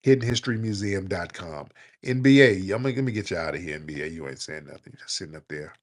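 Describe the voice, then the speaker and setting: Man, talk-room host, late-night call-in, slightly low voice, blunt, joking, slangy. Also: animated, fast talker. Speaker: host of a live audio chat room.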